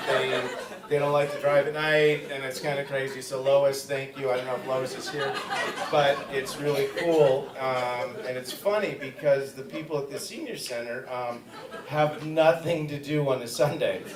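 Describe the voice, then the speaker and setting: A man performing stand-up as a student comic, with a loose, rambling, conversational delivery. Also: medium pitch. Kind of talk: stand-up comedy set. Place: comedy theater stage with a live audience. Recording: roomy, distant live-stage recording with audience noise.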